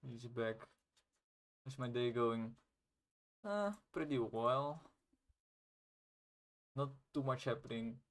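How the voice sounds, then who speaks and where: A man's voice: medium pitch, takes it slowly, long pauses. A young man, not a native English speaker, rambling casually and swearing now and then while he playtests his own game on stream. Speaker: indie game developer streaming.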